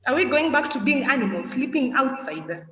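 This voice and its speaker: A woman's voice: sits high, expressive, moderate pace, bright, forceful tone. A teenage girl giving an impassioned student speech, asking her listeners one question after another. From Kenya. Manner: rhetorical, questioning, earnest. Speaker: student speaker. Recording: echoey hall, distant, muffled, faint noise.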